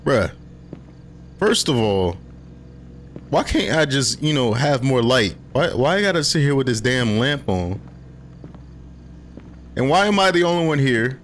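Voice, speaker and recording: A young man hosting a casual horror game let's play, talking in loose slang and getting jumpy and excitable when startled. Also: medium pitch, measured pace, long pauses, slight background noise. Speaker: gaming channel host.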